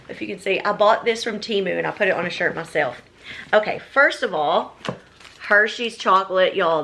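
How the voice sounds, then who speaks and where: A woman in her thirties gushes over each thing she unwraps, her voice bright and forceful. She talks casually to the camera, tossing in "y'all" constantly, with faint noise under the recording. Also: mid-range voice. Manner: gushing, exclamatory, says y'all often. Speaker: vlogger. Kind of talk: casual unboxing chat.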